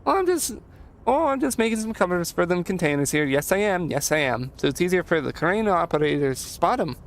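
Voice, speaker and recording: A man's voice: high voice, big pitch swings, a little fast, gravelly, pitched above the performer's own voice, heavily acted. A man voicing a cheerful, chatty male dockworker with a put-on Irish accent and an eager, repetitive, folksy manner. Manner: folksy, repeats himself eagerly. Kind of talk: reading game dialogue aloud in voices.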